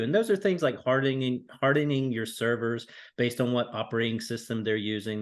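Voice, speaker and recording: A man, a consulting analyst, explaining technical points in a conversational discussion, pausing often as he thinks. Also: mid-range voice.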